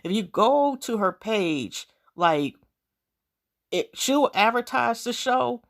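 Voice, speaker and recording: A woman's voice: a little high, expressive, slow pace. A woman casually recapping a reality show episode, rambling with lots of fillers and talking straight to her viewers. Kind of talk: casual chat.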